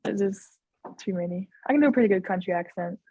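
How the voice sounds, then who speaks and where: A woman's voice: mid-range voice, expressive, fast talker, husky, no echo, narrow, tinny audio. A young Australian woman, a college basketball player, chatting casually on a video call and laughing between phrases. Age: young adult. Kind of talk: casual interview chat.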